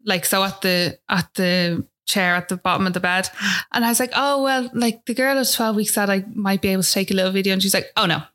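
An Irish woman speaks as a guest on a talk show. She tells a personal story in an easygoing, chatty way and keeps checking in with the listener. Her voice sits at a middle pitch for a woman. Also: fairly quick, a bit bright. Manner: chatty, fills talk with "like" and "do you know what I mean".

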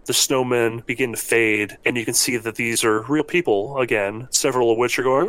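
A man runs a tabletop game, setting scenes in a calm, descriptive way. His voice sits mid-range and sounds dry and close to the mic. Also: mid-range voice, no echo, poor audio. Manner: descriptive, measured narration. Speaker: game master.

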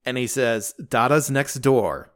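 Man, podcast co-host, smooth clear voice, middle pitch, animated recap chatter. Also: measured pace. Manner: animated scene-by-scene retelling with quoted lines. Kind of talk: casual recap chat. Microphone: close home podcast mic.

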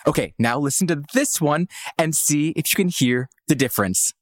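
A man's voice: on the high side, animated, normal speed, no echo, studio quality. Playful pun-loving male podcast host. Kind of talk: casual news podcast banter.

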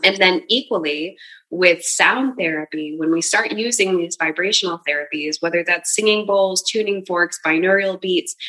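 A woman who runs sound baths and Pilates, talking in a relaxed conversation and giving earnest, flowing explanations. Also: lowish voice, rough recording. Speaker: sound bath and Pilates practitioner. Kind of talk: casual conversation.

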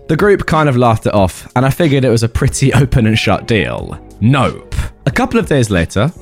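A man hosting a channel, reading stories aloud and joking about them afterward in a lively way. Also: mid-range voice. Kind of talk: storytelling narration with commentary.

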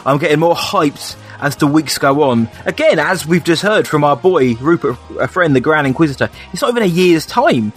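Excitable man, casual co-host. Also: on the high side, moderate pace, hardly any pauses, faint music behind. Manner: excitable, chatty, says "mate" a lot. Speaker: podcast co-host. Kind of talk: casual chat.

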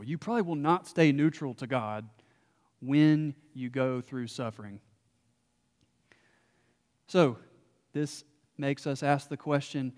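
A man preaching a sermon as a pastor, impassioned and rising to loud emphasis. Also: a little high, long reverb tail.

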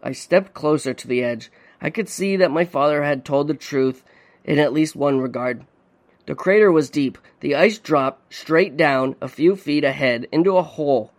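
A man hosting a podcast, reading a dark story in measured, suspenseful narration. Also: fairly high pitch. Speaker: podcast host.

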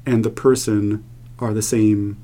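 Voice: mid-range voice, level tone, unhurried, mellow. A podcast co-host in easygoing casual chat who laughs often and explains the segment rules.

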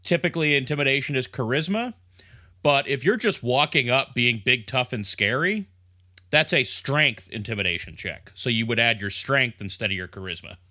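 Relaxed, animated game master man. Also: mid-range voice, normal speed. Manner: relaxed, hesitant, lots of fillers. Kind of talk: narrating a tabletop game.

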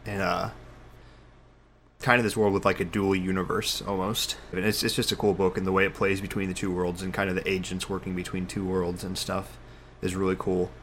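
A man's voice: low-pitched, level tone, fairly quick, fairly bright tone, slight background noise. A man co-hosting a podcast in casual chat, rambling with frequent restarts. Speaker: podcast co-host.

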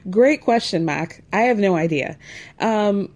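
A woman's voice: lowish voice, lively intonation, a little slow. A woman hosting a podcast, recapping a reality show in a snarky, chatty way with many asides. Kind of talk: casual chat.

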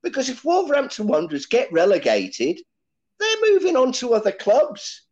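A man's voice: very high voice, wildly swooping pitch, normal speed, crowd noise. A man talking as a football fan panelist, rambling with lots of "you know, look" fillers. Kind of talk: fan chat. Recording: dull lo-fi audio.

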